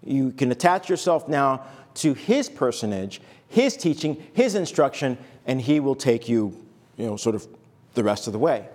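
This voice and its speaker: A man's voice: medium pitch, darkish tone. A male pastor giving a conversational sermon in church, acting out quoted lines with humor. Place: church sanctuary.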